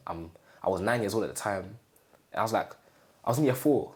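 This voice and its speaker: A young man from England in an interview, telling his own story in a casual, halting way and often acting out what his family said. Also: fairly low pitch, expressive. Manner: halting, repeats phrases, acts out quoted family speech.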